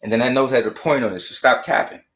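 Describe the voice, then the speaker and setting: Man, heated rant, swears a lot, emphatic, mid-pitched voice. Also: quick pace, fairly bright tone. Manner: profane and emphatic. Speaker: streamer.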